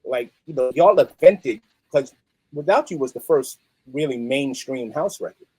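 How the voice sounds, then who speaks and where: A middle-aged man, a musician guest telling stories in a streetwise, animated way. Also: medium pitch, moderate pace, husky, no echo, low-quality recording. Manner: animated, streetwise, peppered with "you know what I mean". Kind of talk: casual interview storytelling.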